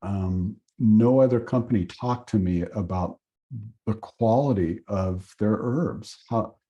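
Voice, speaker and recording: Very mellow, slow-speaking man. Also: lowish voice, lo-fi sound. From Oregon, USA. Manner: earnest, pausing with fillers. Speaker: acupuncture instructor. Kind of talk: storytelling lecture.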